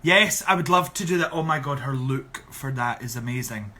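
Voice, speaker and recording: A man's voice: medium pitch, moderate pace, bright, forceful tone. A young Scottish man on a casual live stream, reading out viewer questions and answering in a chatty, sarcastic way. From Scotland. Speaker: drag performer on a live stream.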